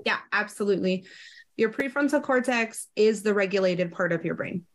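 A woman's voice: medium pitch, expressive, moderate pace. Woman explaining in casual chat. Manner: explanatory, acts out quoted voices in passing.

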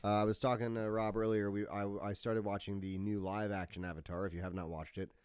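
A man's voice: fairly low pitch, flat delivery, fast talker, a little mellow, smooth, dry recording. A man co-hosting a casual podcast chat, joking around and acting out scenes in silly voices. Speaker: podcast co-host.

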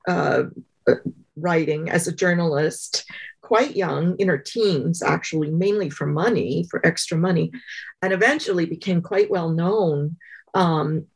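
A woman, a guest author, telling stories in a relaxed interview, pausing often and thinking aloud with fillers. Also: lowish voice, vocal fry, slightly rough. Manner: thoughtful, many pauses and fillers. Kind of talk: conversational interview storytelling.

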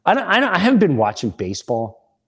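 A middle-aged man hosting a podcast, telling a comic story in a casual, animated way and acting out the other people in it. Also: high-pitched, fast talker, breathy edge. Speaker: podcast host.

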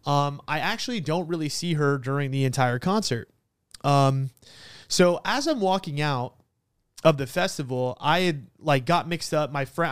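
A young man hosting a podcast, telling a personal story in a casual, animated way with lots of filler words. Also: sits high, clear, resonant tone, no echo, clean studio sound. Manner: animated, frequent "like" fillers, laughs while venting. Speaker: podcast host.

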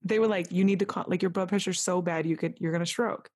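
A woman's voice: on the low side, steady tone, quick pace, darkish tone. A young woman candidly retelling a personal story as a podcast guest, acting out what others said to her. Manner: candid, vivid retelling with quoted dialogue.

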